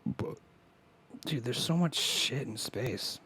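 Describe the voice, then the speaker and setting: A man's voice: medium pitch, slow pace, breathy edge. Male co-host, casual chat, enthusiastic and profane. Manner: excited, swearing, nerding out. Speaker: podcast co-host.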